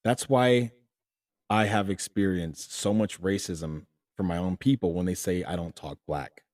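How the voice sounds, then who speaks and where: A young man hosting a solo opinion commentary, talking animatedly and jumping to emphatic highs as he acts out imagined people. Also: darkish tone, dry recording, clean studio sound. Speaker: host.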